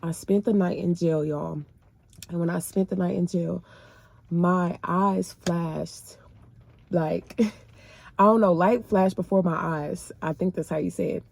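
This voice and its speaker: A woman's voice: lowish voice, fairly even intonation, slow pace, vocal fry, a little mellow, husky. A woman sharing her personal faith testimony in casual, emotional storytelling, speaking straight to her viewers in a colloquial way.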